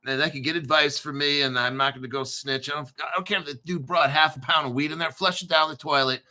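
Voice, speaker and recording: A man's voice: a little high, pushed and bright. A middle-aged man hosting a livestream, chatting casually and rambling with profanity and frequent laughter. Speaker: livestream host.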